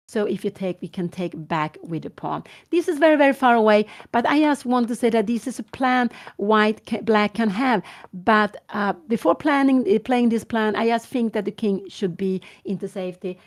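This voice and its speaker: A middle-aged Swedish woman commentating live chess from home, hesitant and thinking aloud, with many fillers and restarts. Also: medium pitch. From Sweden. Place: home room.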